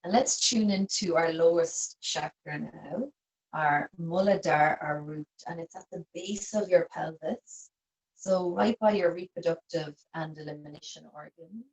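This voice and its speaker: A woman yoga teacher guiding a restorative class in a soft, gentle, calm way. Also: sits low, measured pace, low-quality recording. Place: seated on a cushion.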